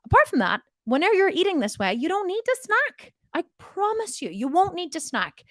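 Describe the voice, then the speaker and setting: A woman's voice: very high voice, very animated, fairly quick, a bit bright, no room sound, studio quality. A woman diet coach answering viewer questions in a live Q&A, blunt and direct, often laughing and swearing jokingly.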